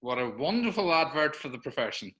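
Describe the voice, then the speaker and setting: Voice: mid-range voice, sing-song, brisk, a bit bright, rough recording. A host chatting with a guest over a video call, effusive and playfully teasing. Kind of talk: casual chat with a guest.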